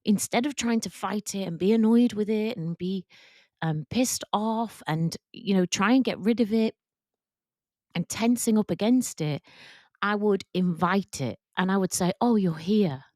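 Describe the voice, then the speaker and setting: A woman coach hosting a podcast, telling a personal story in a soft, reflective and openly emotional way. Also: mid-range voice, measured pace, no room sound, clean studio sound. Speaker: podcast host and work confidence coach.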